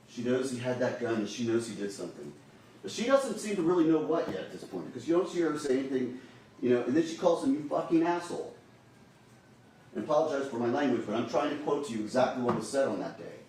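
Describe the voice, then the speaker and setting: Pressing his case before a jury, a trial attorney speaks with emphatic urgency in a medium-pitched, slightly mellow voice. The large courtroom sounds very echoey, captured by a distant mic with a faint hiss.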